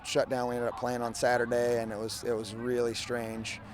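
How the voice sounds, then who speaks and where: A man coaching high school football, speaking haltingly and reflectively in a post-game interview outdoors. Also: completely flat delivery. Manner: halting, reflective, restarts often. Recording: outdoor noise behind.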